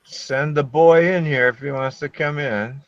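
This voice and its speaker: A man's voice: fairly high pitch, steady tone, a little slow, no echo. A man hosting a casual group call, talking bluntly with teasing, crude banter. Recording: dull lo-fi online call audio.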